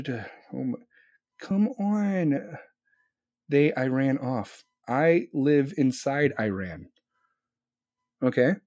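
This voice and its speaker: A man's voice: mid-range voice, a little mellow, dry recording, studio quality. A man live streaming, answering his chat in a blunt, profane, rambling rant. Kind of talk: casual political rant.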